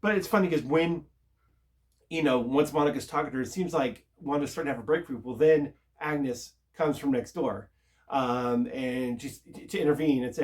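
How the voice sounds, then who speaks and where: Rambling, halting male TV reviewer. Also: medium pitch, darkish tone. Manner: rambling, halting, lots of filler words. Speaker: TV show reviewer. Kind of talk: casual spoiler recap.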